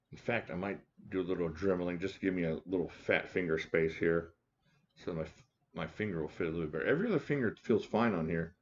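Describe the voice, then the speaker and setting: A low-voiced man with a drawl chats loosely on a home live stream, greeting viewers by name and cracking jokes. The audio is a bit dull and lo-fi. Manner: chatty, joking, talks to viewers by name. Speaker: live stream host reviewing knives. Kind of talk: casual live chat reading viewer comments. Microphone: desk mic at a home setup.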